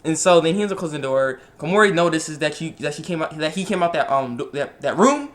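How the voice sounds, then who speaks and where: A man's voice: on the high side, expressive, fast talker, a bit bright. A young man casually reviewing an anime episode, rambling, repeating himself and trailing off often.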